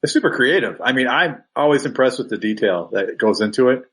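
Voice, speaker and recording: A man joins a podcast panel as a guest, joking and enthusiastic throughout. His voice has a husky, slightly rough grain at an everyday middle pitch. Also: expressive, fairly quick, fairly bright tone. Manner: jokey, enthusiastic. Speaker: guest co-host of another podcast. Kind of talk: casual panel chat.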